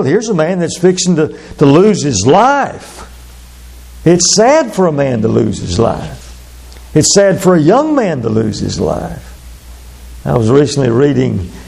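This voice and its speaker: Gravelly preacher man. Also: on the high side, darkish tone. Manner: measured, drawn-out delivery with sudden fast asides. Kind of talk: sermon.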